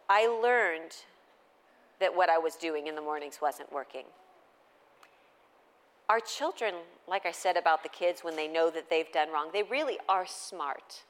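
Very animated and fairly bright-toned, her medium-pitched voice moves a little slowly with frequent pauses. The woman, in her thirties, talks chattily about parenting to a live audience, acting out scenes with her kids.

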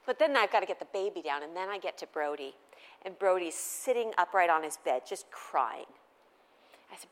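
A woman's voice: fairly low pitch, normal speed. Storytelling mother in a big hall. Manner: lively, conversational, asks the audience questions. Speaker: speaker at a faith gathering. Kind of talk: humorous storytelling sermon.

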